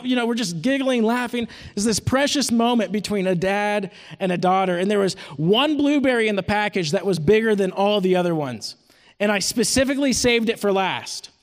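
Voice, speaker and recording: Man, 30s, preaching. High, earnest, storytelling voice with long hall reverb. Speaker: retreat speaker teaching scripture. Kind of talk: sermon.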